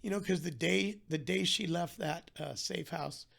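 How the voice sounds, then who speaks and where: A man's voice: high voice, normal speed, vocal fry, a bit bright. A man talking as a podcast guest, telling his story in an earnest, heartfelt way with frequent restarts. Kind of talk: candid conversational storytelling.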